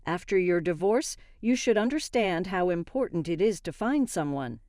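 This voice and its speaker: A woman's voice: fairly low pitch, lively intonation, moderate pace, a little mellow, dry recording, studio quality, natural voice. A woman voicing a middle-aged father who guilt-trips his daughter in a reproachful tone.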